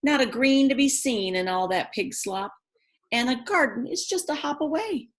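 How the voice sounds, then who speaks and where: A woman's voice: high voice, lively intonation, moderate pace, voice pushed up. A woman voicing a bossy, know-it-all female rabbit from a read-aloud picture book, insistent and lecturing.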